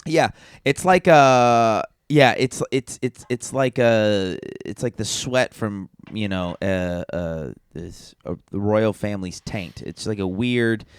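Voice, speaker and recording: A man's voice: lowish voice, takes it slowly, smooth, dry recording. A man co-hosting a podcast, telling a long rambling bar story with lots of fillers and laughs. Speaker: podcast co-host. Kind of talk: casual storytelling chat.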